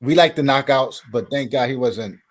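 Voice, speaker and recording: Male guest, earnest, repetitive phrasing, average pitch, plain conversational tone. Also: moderate pace. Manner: earnest, repeats himself. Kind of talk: casual chat.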